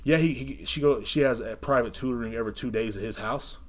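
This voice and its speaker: A man's voice: mid-range voice, fast talker. A man hosting a casual podcast, ranting in a brash, profane, rambling way. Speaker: podcast host.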